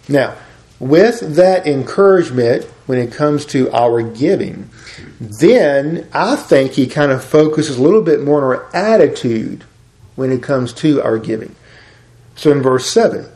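A man's voice: medium pitch, expressive, normal speed, a little mellow, echoey room, low-quality recording. A man preaching a conversational, folksy sermon as a pastor.

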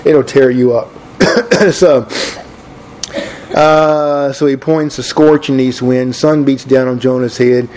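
A man's voice: mid-range voice, fairly even intonation, takes it slowly, darkish tone. A man preaching a folksy, chatty sermon and often asking his listeners questions.

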